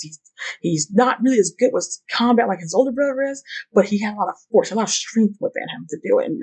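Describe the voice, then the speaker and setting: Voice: mid-range voice, darkish tone, slightly rough, low-quality recording. A YouTube host giving casual fan commentary, talking in a rambling way, with many fillers and the odd curse word.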